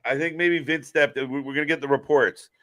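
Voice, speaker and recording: A man's voice: on the high side, fairly even intonation, fairly quick, bright, forceful tone. A man hosting a live wrestling stream, chatting casually, joking and speaking straight to viewers. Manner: jokey, addresses viewers directly. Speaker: host.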